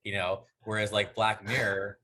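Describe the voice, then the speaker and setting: A man with a very low voice that is still bright and forceful. There is a husky edge to it. He rambles through a casual podcast chat, swears freely and jumps in on his co-hosts. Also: completely flat delivery. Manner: rambling, profane, quick to jump in. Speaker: podcast co-host.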